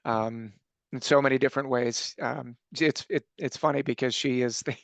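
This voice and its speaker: Gravelly man telling an earnest story. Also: medium pitch, steady tone, normal speed, dry recording. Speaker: podcast guest, entrepreneur. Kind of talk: casual conversation.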